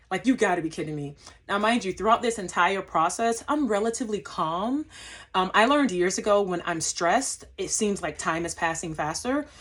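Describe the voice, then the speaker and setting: A woman's voice: mid-range voice, a bit bright. A young woman, a flight attendant, telling a travel story in a casual vlog, acting out her own lines and using lots of fillers.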